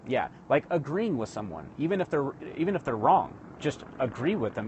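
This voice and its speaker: A man's voice: medium pitch, expressive, a little fast, hardly any pauses, slight background noise. A man hosting a live stream, talking casually to viewers about building rapport, with frequent restarts and direct address. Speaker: livestream host teaching sales rapport. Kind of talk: casual livestream teaching.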